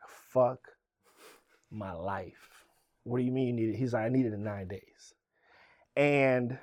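A rapper from Virginia telling stories in a casual interview, swearing freely and acting out what others said. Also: male voice, mid-range voice, no room sound. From Virginia, USA. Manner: animated storyteller, swearing, acting out quoted voices. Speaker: guest, rapper.

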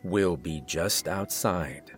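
A man voicing a hulking male asylum orderly who speaks calmly and professionally. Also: a bass voice, takes it slowly, soft background music, pitched below the performer's own voice, full character voice. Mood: calm, firm. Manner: calm, professional, mild.

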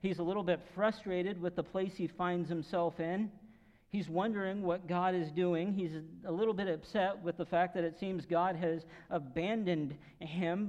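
A male pastor giving an earnest, emphatic sermon, swinging between raised and quiet passages. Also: high voice. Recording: long hall reverb, dull lo-fi sound.

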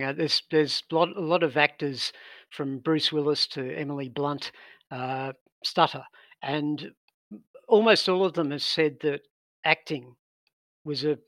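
A middle-aged Australian man speaks in a slightly high voice, stuttering and repeating sounds as he talks. The recording is dry and close, with no room sound. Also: a bit bright, no room sound. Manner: stutters with frequent sound and word repetitions. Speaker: guest. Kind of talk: casual conversation.

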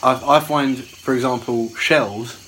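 A man's voice: mid-range voice, fairly even intonation, slow, a bit bright, a little hiss or hum, poor audio. A man co-hosting a podcast in casual chat, teasing his co-host and laughing often. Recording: faint jungle ambience of crickets and insects.

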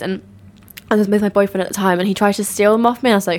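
A woman's voice: mid-range voice, fairly even intonation, quick pace. A young woman co-hosting a podcast, chatting casually and laughing along with her friend. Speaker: podcast co-host. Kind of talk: casual chat.

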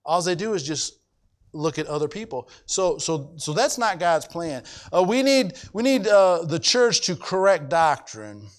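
A middle-aged male pastor preaches emphatically in a slightly high voice with big pitch swings, speaking a little slowly. He keeps repeating his points and asks the congregation whether they're following.

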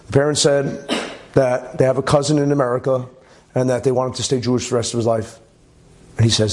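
A man telling a religious story in a lively way, with chatty asides and many okays. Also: medium pitch, fairly quick, a little hiss or hum. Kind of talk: animated storytelling talk.

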